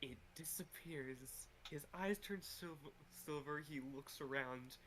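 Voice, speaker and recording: Slow, laid-back male tabletop player. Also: fairly high pitch, a bit bright, poor audio. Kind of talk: casual tabletop game chat. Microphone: online voice chat. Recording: faint background noise.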